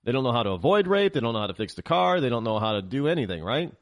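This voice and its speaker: A man's voice: medium pitch, sing-song, racing, no room sound, studio quality. A man hosting a political talk show, ranting heatedly in a monologue and often stammering and restarting.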